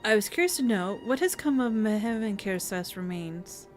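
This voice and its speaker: A woman voicing a composed village leader in a fantasy game, speaking in a solemn, formal, steady way. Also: medium pitch, moderate pace, faint music behind, close to an everyday voice.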